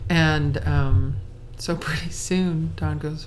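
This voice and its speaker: Low-pitched woman, casual personal storyteller, self-mocking, quick to laugh, acts out quotes. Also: a little hiss or hum. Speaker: storyteller recalling her courtship.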